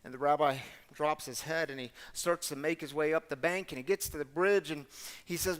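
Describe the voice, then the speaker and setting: A man tells a faith story to a gathered audience, animated and conversational, often turning to address listeners directly. His voice sits high for a man, and a long hall reverb trails behind his words. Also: brisk. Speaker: guest storyteller. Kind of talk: sermon-style storytelling.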